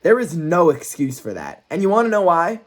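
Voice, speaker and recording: A young man with a somewhat high voice rants in a deadpan, mock-serious way, as if exposing a scandal. He keeps up an earnest, aggrieved tone that is plainly satire. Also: moderate pace. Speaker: YouTube creator.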